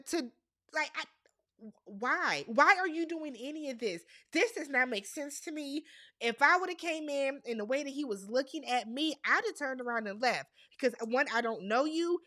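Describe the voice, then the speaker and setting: A woman's voice: sits high, expressive, a little slow, sharp tone. A woman doing a casual, exasperated recap of a reality TV episode and talking straight to the people on screen. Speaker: recap host.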